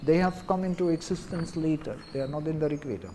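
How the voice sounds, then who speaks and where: A man teaching Vedic chanting who explains gently and drops in many "you see" asides. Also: a little high, fast, a little hiss or hum.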